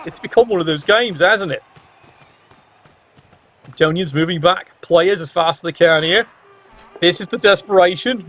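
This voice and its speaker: Calling a game play by play, a man with a fairly high voice sounds wry, sarcastic and casual, yet he's quick to get excited. The audio is dull and lo-fi.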